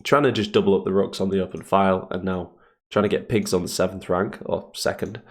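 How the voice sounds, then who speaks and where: Gravelly low-voiced man thinking aloud. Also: fairly even intonation, brisk, noisy background. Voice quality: deep gravelly morning voice. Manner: thinks aloud, hesitant fillers, chuckles often. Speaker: chess streamer. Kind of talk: casual live commentary on chess games.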